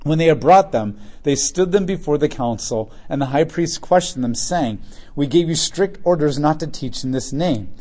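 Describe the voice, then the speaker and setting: A man's voice: fairly high pitch, animated, normal speed, darkish tone. A man reading a Bible passage aloud and stopping to explain it in casual, joking asides. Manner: reads scripture aloud, then comments casually with humor. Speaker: Bible teacher.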